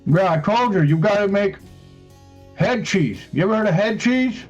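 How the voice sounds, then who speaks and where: A man's voice: a little high, moderate pace, a little mellow, lo-fi sound, soft background music, close to an everyday voice. Man doing a glutton talking with his mouth full. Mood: pushy. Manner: mumbling through a mouthful of food.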